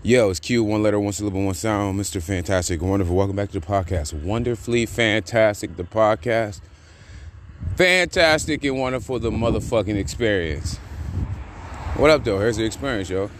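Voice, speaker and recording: A man hosting a casual podcast, talking in slang, repeating catchphrases and getting loud and excited. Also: lowish voice, fairly quick, slight background noise. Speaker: podcast host. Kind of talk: casual hyped-up podcast monologue.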